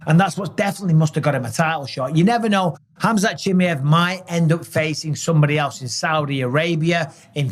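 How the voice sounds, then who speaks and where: A man in his forties hosting a casual reaction commentary, emphatic and fond of asking "okay?" to drive points home. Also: a little high. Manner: emphatic, tags lines with "okay?". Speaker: host.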